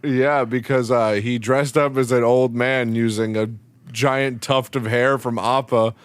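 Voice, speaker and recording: A man's voice: mid-range voice, steady tone, measured pace, clear, resonant tone, no echo. A man co-hosting a podcast in casual chat, talking enthusiastically and laughing often. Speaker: podcast co-host.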